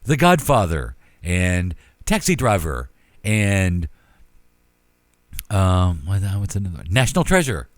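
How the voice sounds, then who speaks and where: A man's voice: deep voice, sing-song, takes it slowly, no echo. A man co-hosting a podcast in casual chat, reading out a list of favorite films with their years. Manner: reads a list of film titles and years. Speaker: podcast co-host.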